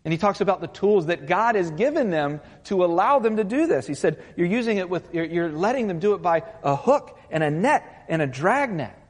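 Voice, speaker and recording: A man's voice: high voice, lively intonation, brisk, hardly any pauses. A man preaching a sermon as pastor, earnest and building to urgent intensity, after an opening prayer. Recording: long hall reverb.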